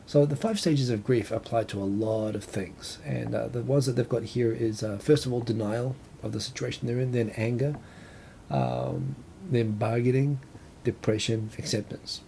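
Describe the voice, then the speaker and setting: A middle-aged man from New Zealand with a softened New Zealand accent, hosting a live talk show and rambling casually through a list with many restarts and asides. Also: mid-range voice, creaky, a little hiss or hum. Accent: New Zealand, softened by years abroad.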